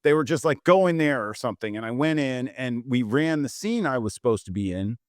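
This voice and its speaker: A middle-aged man tells stories in a relaxed interview, full of "like" and acted-out quotes. His voice sits at an ordinary pitch. The mic is close and dry, with no room sound. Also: fairly quick, no room sound. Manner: animated storyteller who acts out quotes with lots of "like". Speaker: guest photographer. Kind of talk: casual storytelling interview.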